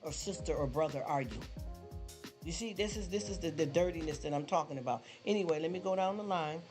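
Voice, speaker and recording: A man's voice: fairly high pitch, a little fast, darkish tone. Preachy man ranting on a livestream. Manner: preachy, repeats himself, rhetorical questions. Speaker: livestream host. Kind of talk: casual livestream rant. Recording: livestream with music behind. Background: background music.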